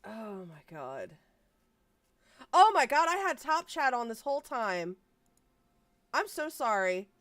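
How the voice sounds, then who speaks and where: A woman casually chatting on a livestream, blunt and excitable, swearing freely. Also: on the high side, takes it slowly, long pauses, no room sound, clean studio sound. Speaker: livestream host.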